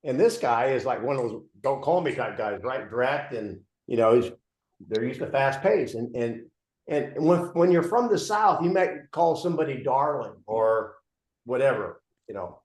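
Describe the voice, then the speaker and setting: Animated man coaching in an echoey room. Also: mid-range voice, normal speed. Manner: animated storyteller, lots of restarts. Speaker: real estate coach. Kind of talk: training workshop coaching. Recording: roomy room echo.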